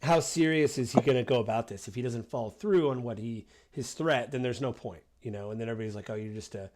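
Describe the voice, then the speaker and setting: A man hosting a podcast talks through a film in loose, rambling sentences. He fills pauses with ums and you-knows and drops into little acted-out quotes. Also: medium pitch, darkish tone. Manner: rambling, acts out quoted lines with many fillers. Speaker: podcast host. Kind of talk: casual film discussion.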